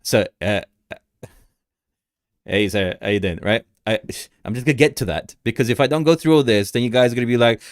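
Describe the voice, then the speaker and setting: Chatty man, low dry voice. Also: fairly quick, no echo. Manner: chatty, rambling, greets chat viewers, laughs often. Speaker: crypto livestream host. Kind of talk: casual livestream chart talk.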